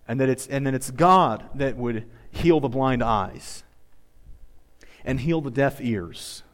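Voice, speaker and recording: A man's voice: fairly high pitch, in a large hall. A man preaching a sermon as pastor, repeating phrases and leading his congregation in call-and-response. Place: church sanctuary.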